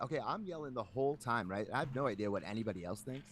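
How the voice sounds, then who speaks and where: A man hosting a casual podcast, ranting in an animated way with lots of filler words. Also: mid-range voice, rapid-fire, a little hiss or hum. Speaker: podcast host.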